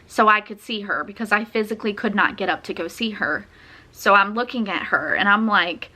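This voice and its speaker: A woman's voice: mid-range voice, pushed and bright. A young woman chatting casually, telling a personal story with lots of fillers and frequent laughs. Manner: chatty, laughs often, uses many fillers. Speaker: vlogger telling her birth story.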